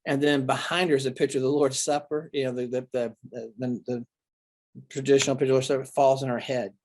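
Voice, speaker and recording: A man with an everyday mid-range voice tells his stories as a pastor, earnest and animated. He often stops and restarts mid-sentence while he recalls details. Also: mid-range voice, quick pace. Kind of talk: recalled storytelling interview.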